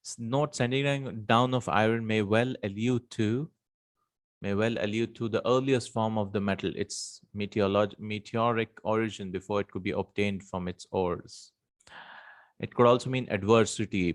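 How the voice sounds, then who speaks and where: Low-voiced man teaching Arabic words. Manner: thinks aloud with many hums and repeats, recites verses quickly. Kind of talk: relaxed spoken lesson.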